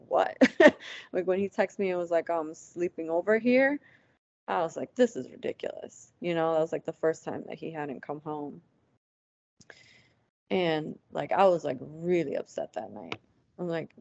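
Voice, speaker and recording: A woman's voice: low voice, creaky, a little mellow. A woman guest on an interview show, telling a personal story casually, acting out past conversations and using lots of "like" fillers. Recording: dull lo-fi, dry sound.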